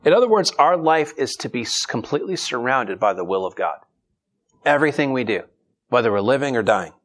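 A middle-aged man preaching a relaxed, joking sermon. His voice sits in an ordinary middle pitch. He reads scripture and then talks it through plainly. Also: a little fast. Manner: conversational and humorous, reads scripture then explains it.

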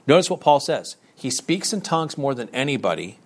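A man's voice: medium pitch, big pitch swings, a little fast. Male Bible teacher, mid voice, preaches casually, emphatic and questioning. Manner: rhetorical questions, emphatic and reading scripture aloud. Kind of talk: conversational sermon.

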